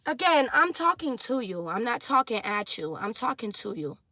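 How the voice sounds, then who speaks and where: A woman's voice: on the high side, very animated, normal speed, no room sound. Fiery, swearing tarot reader woman. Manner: intense and preachy, swearing, apologizing for yelling. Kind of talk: passionate tarot reading to viewers.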